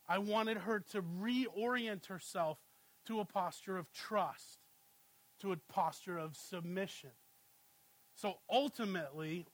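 Preaching in a relaxed, conversational way, a pastor in his thirties with a voice high for a man shares family anecdotes and repeatedly asks "right?" He becomes animated during the stories. The sound is dry and close, with no room sound, and the audio quality is poor.

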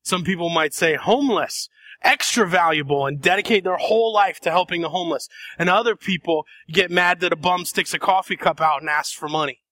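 A man preaching a sermon, dramatic, acting out voices and shifting between soft and loud passages. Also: high-pitched, fairly quick, no echo. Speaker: pastor.

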